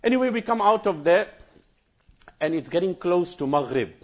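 High-voiced cleric, earnest. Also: male voice, lively intonation, normal speed, lo-fi sound. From South Africa. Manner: earnest, repeats phrases, breaks into chanted Quran recitation. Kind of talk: emotional first-hand recounting talk.

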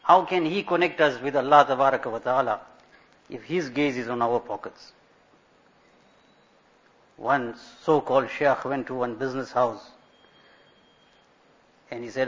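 Man, sermon, storytelling, rhetorical questions, mid-pitched voice, muffled lo-fi sound. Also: a little slow, pauses often, fairly bright tone. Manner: storytelling, rhetorical questions, Arabic religious terms. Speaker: Islamic scholar giving a talk. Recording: dull lo-fi recording.

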